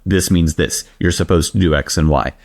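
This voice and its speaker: A man's voice: low voice, normal speed, gravelly. A man co-hosting a podcast in casual chat, rambling animatedly and joking at his own expense. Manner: animated, rambling, self-deprecating. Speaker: podcast co-host.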